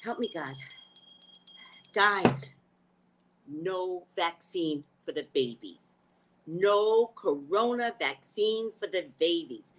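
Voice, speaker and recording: A woman's voice: fairly low pitch, lively intonation, takes it slowly, pauses often, a little hiss or hum, poor audio. A woman psychic hosting a live news chat, blunt and emotional, swearing freely. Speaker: psychic host.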